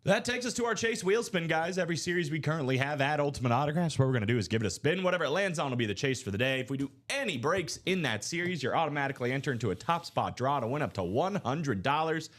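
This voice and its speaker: A man's voice: fairly high pitch, lively intonation, a bit bright. Male host, live-stream seller, chatty hype, reels off lists. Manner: rapid listing, hyped and chatty. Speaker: live sports card break host. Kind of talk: live-stream sales patter.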